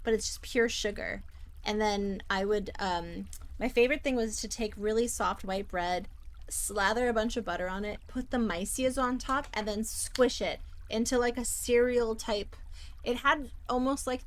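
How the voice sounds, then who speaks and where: A woman from the Netherlands chatting casually as she streams a game, bubbly and talkative while reading chat aloud. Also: medium pitch. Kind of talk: casual gameplay commentary.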